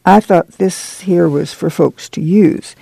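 A man's voice: sits high, slow pace, gravelly, mellow, breathy edge, dry recording, heavily acted. A man voicing a plain-spoken migrant mother. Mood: abashed. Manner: plain rural dialect, firm then humbled. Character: poor, worn but proud migrant mother.

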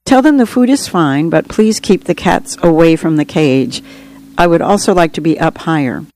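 A woman voicing a calm, matter-of-fact wise dove. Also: deep voice, moderate pace, low-quality recording. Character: calm wise male white dove messenger. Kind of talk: audiobook reading.

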